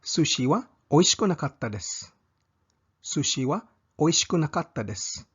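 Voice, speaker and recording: A man teaching a language lesson, saying each example slowly and repeating it twice. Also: a little high, very animated, slightly rough, dull audio.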